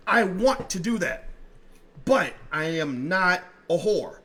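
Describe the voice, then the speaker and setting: A middle-aged man talking straight to his viewers in blunt, profane commentary. His voice is high and bright for a man, and it swings widely in pitch as he plays out both sides of arguments. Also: animated, slow. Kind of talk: direct-to-camera political commentary.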